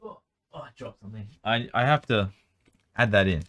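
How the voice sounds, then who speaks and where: A young man with a strained, worn-out voice, chatting quickly as he sorts through a card collection at home, with bursts of excitement. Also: fairly low pitch. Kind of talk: casual running commentary while sorting cards. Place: room at home.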